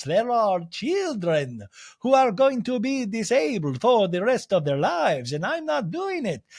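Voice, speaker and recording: A man voicing a dramatic, tearful grown woman who storms off, in a shrill, drawn-out, theatrical manner. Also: a little mellow, full character voice.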